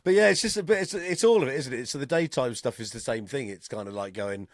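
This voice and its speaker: Chatty English podcast co-host, dry studio sound. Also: male voice, medium pitch, fast talker, hardly any pauses, no room sound. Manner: chatty, laughs often, swears casually. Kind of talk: casual chat.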